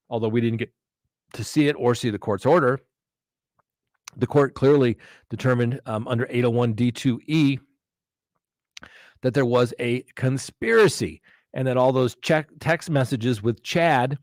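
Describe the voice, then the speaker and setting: Man, host, live crime commentary, emphatic, ranting, mid pitch, dry close sound. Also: darkish tone, dry recording. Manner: emphatic, ranting, with mocking quoted voices.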